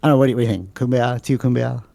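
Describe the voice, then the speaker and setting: A man's voice: medium pitch, rapid-fire, gravelly, dark tone, no room sound. A man co-hosting a podcast, chatting casually and rambling, leaning on "like" and "bro". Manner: rambling, filler-heavy, says "like" and "bro" a lot. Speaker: podcast co-host.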